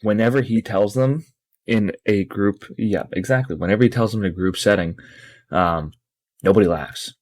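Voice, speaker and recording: A man co-hosting a podcast in casual chat, sleepy and low on energy, laid-back and swearing a lot. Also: normal speed, a little mellow, no echo. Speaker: podcast co-host.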